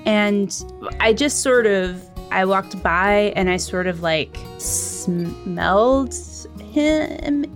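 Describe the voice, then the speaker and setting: A woman's voice: medium pitch, drawn-out words, soft background music. A woman improv performer, playful and rambling, who swears casually. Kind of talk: improv comedy podcast.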